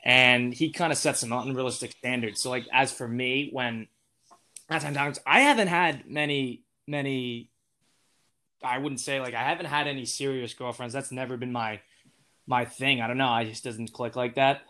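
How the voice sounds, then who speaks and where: A man's voice: mid-range voice, normal speed, pushed and bright. A young man as an interview guest, talking in a casual, rambling way with lots of fillers and restarts. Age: young adult.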